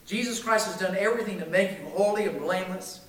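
A man preaching a sermon, emphatic, swinging between loud declarations and hushed lines. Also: sits high, fast talker. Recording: very echoey room, mic at a distance.

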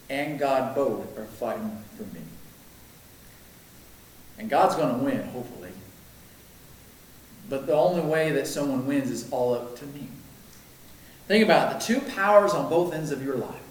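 A man's voice: mid-range voice, a little hiss or hum. Preaching man in a very echoey room. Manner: emphatic, swings from loud to hushed. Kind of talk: sermon. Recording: very echoey room, mic at a distance.

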